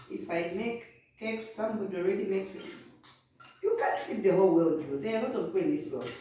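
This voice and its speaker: A woman's voice: mid-range voice, dark tone. A woman talks straight and unpretentiously, chewing as she goes. She sounds far from the mic in a very echoey room. A faint hiss sits under her voice. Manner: direct, blunt, talks while eating. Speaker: vlogger. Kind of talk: casual motivational talk. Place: indoor room, sitting on the floor.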